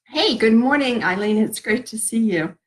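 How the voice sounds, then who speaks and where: A woman's voice: fairly high pitch, animated, normal speed, poor audio. A middle-aged woman hosting a casual spiritual live stream, rambling and laughing at herself as she talks about love and connection.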